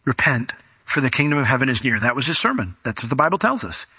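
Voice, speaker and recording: Bright, dry-sounding male preacher. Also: medium pitch, sing-song, fast talker, husky, dry recording. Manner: conversational, acts out quoted voices. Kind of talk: sermon.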